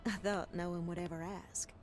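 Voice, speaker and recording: A woman's voice: on the low side, steady tone, a little fast, darkish tone, natural voice. An actress voicing a polite townswoman passer-by in a video game, speaking formally, with game music behind her.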